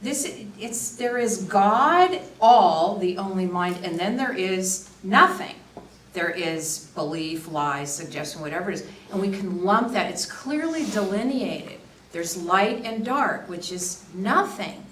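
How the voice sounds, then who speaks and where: A woman speaking at a faith workshop, reflecting earnestly with quick restarts, recorded from a distance in an echoey room. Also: mid-range voice, animated, fairly bright tone. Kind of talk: faith reflection to a small group. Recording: echoey room from a distance, faint background noise.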